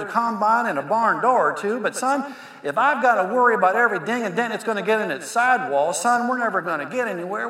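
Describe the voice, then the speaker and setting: Preacher doing folksy rancher, high forceful drawl, roomy hall echo. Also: male voice. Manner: folksy, drawling, calls listener son. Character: blunt old male rancher buying a truck. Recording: echoey hall with long reverb.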